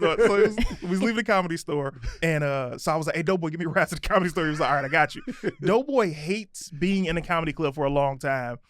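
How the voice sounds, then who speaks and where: A man co-hosting a podcast, chatting casually and telling stories with bursts of laughter. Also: high voice. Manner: animated storyteller, loud laughing outbursts. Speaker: podcast co-host. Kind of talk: casual podcast chat, storytelling.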